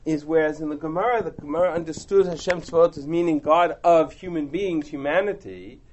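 A man teaching a text study class, explaining with animated, rhetorical asides. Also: on the high side, brisk.

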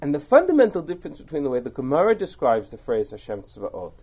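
Man teaching a study class, lively pitch, warm dark tone, keeps asking right?. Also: fast, slightly rough. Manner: animated, explanatory, rhetorical asides.

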